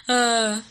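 Slow, bright-voiced woman co-hosting radio. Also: a little high, clear, resonant tone. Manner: playful, laughs often, echoes her co-host. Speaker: radio co-host. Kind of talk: casual radio banter.

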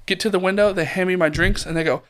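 A man's voice: high-pitched, fast talker. A man co-hosting a casual podcast, telling a story with lots of swearing and acting out both sides. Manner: animated, profane, acts out both sides of a story. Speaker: podcast co-host.

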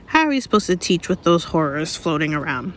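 A woman reading aloud, voicing a stern, sharp older female teacher in a crisp, clipped manner. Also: low-pitched, very animated, fairly quick, a little hiss or hum. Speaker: reader. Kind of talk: read-aloud audiobook.

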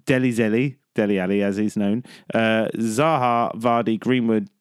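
A man's voice: on the low side, steady tone, normal speed, clean tone, dry recording, clean studio sound. A man co-hosting a casual football podcast, joking and rambling as he talks. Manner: joking, rambling, laughs at his own jokes. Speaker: podcast co-host.

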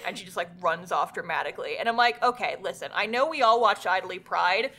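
A woman's voice: mid-range voice, fairly quick. A woman co-hosting a podcast in casual chat, retelling an anime's plot, swearing freely and acting out the characters' lines. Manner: animated storyteller who acts out characters' lines. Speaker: podcast co-host.

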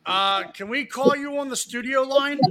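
High-voiced joking man on a podcast. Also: normal speed, a crowd in the background. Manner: joking, boastful and over the top. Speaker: co-host. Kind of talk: casual podcast chat.

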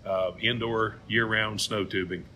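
A man's voice: lowish voice, measured pace. A man, co-hosting a casual chat and telling jokes with animation. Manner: animated, folksy joke teller. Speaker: co-host.

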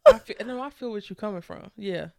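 A woman's voice: medium pitch, huge pitch swings, a little fast, creaky, a little mellow. Frank, laughing young woman podcaster. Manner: frank, laughs a lot, swears casually. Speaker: podcast co-host. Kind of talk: casual chat.

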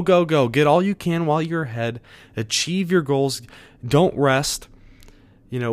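A mid-range male voice hosts a podcast episode, delivering an earnest, conversational devotional talk punctuated by soft chuckles.

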